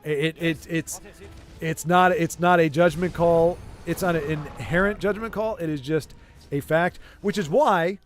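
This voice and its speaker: A man's voice: a little high, unhurried, soft background music. A man chatting casually with his livestream audience, rambling and playfully arguing, with many restarts. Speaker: streamer.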